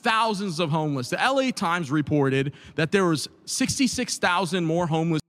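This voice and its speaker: Man in a debate, insistent and rambling; high-pitched, long room reverb. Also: lively intonation, normal speed, fairly bright tone. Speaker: debate participant. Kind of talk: argumentative debate.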